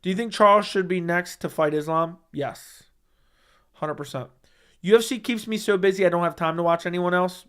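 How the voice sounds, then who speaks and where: Young man, livestream host, curt and profane with chat, slightly high voice. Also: normal speed, a bit bright, clear, resonant tone. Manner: blunt, profane, dismissive banter.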